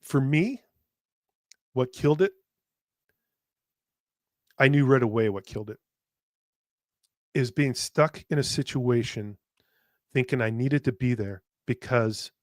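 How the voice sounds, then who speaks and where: Man with halting, heartfelt podcast talk. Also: medium pitch, darkish tone, no room sound, studio quality. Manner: halting and emotional, with frequent restarts and repeated words; blunt, with casual swearing. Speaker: podcast host. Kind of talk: candid personal podcast monologue.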